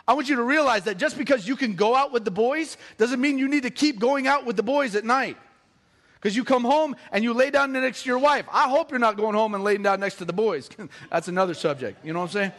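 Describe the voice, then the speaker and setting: A middle-aged man preaching a sermon, animated and joking with the congregation. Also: extremely high pitch. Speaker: pastor.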